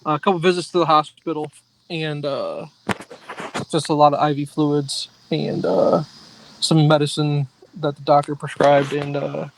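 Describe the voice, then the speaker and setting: A man's voice: on the high side, flat delivery, moderate pace, a little hiss or hum, rough recording. A middle-aged man co-hosting a podcast in casual chat, chatty and laughing often. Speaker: podcast co-host.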